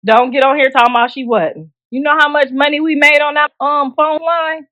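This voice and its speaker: A woman's voice: high-pitched, brisk, dry recording, muffled recording. A middle-aged woman hosting a show and giving casual gossip commentary, blunt and joking, laughing often and talking straight to viewers in slang. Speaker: show host discussing celebrity gossip.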